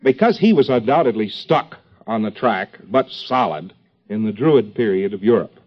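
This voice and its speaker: A man's voice: on the low side, animated, normal speed. A man giving an informal lecture to a class, rambling with joking asides and many fillers. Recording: dull lo-fi old tape recording.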